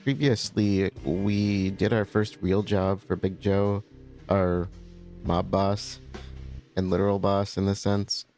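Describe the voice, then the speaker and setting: Casting: male let's-play host, low gravelly voice, easygoing, thinks aloud while playing. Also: slow pace, faint music behind. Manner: relaxed, thinking aloud, chatty asides. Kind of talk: casual gameplay commentary.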